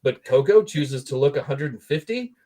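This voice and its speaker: A man's voice: a little high, lively intonation, moderate pace, mellow. A man reading a comedic movie review aloud in a sarcastic, mock-exasperated manner.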